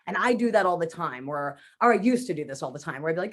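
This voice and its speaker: A woman's voice: medium pitch, fast, few pauses. A middle-aged woman from the United States, a comedian and mental health speaker, telling personal stories in a talk and acting out her own thoughts and the lines of others. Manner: animated, acts out her own inner voice and quotes. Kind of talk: conference talk with comic storytelling.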